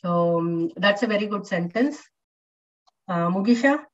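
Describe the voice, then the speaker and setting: A woman's voice: mid-range voice, expressive, measured pace. A female English lecturer teaching an online class, patient and repetitive, with many fillers. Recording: distant, dull lo-fi online audio.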